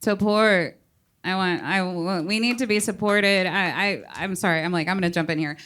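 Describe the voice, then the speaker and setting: A female comedian on a panel, talking in a bubbly, animated way with frequent laughs. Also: lowish voice, moderate pace. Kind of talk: panel discussion.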